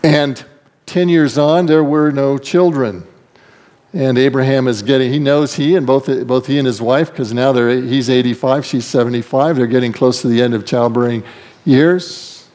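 Preaching as a pastor at normal speed, a man tells stories with great animation. He acts out the characters he describes, his voice jumping up in pitch with big swings for their voices.

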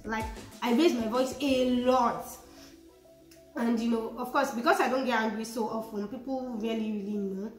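A young woman, talking casually to her viewers about self-improvement, chatty and animated. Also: on the high side, moderate pace. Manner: chatty, animated, raises voice when emphatic. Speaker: vlogger. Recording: echoey room with music behind.

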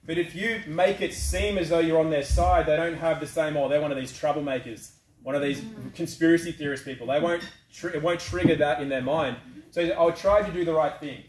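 A man's voice: fairly high pitch, fairly quick, darkish tone. A man speaking as a guest to an assembly, answering questions from the floor in a plain-spoken way. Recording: echoey hall from far off, faint noise.

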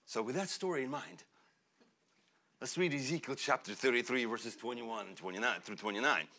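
A young man born in Russia, a pastor preaching a sermon in a church, animated and chatty, laughing often and using many fillers. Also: mid-range voice, moderate pace. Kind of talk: sermon with personal storytelling. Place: church sanctuary.

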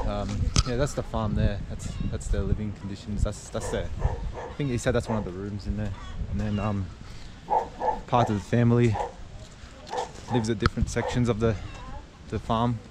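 A man's voice: lowish voice, steady tone, moderate pace, long pauses. A man filming a travel vlog outdoors on a village farm, chatting casually and asking curious questions. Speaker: travel vlogger. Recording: noisy outdoor camera audio.

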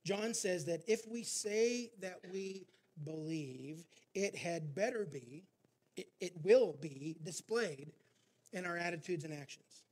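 High-voiced pastor telling a story. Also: male voice, slow pace, darkish tone, slightly rough. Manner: narrates a story with frequent fillers. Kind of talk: sermon storytelling.

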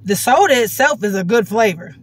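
A woman doing a casual taste-test vlog at a gas station. She talks in a slangy, animated way and bursts into loud exclamations. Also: fairly high pitch, a little fast, slight background noise. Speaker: vlogger reviewing a soda.

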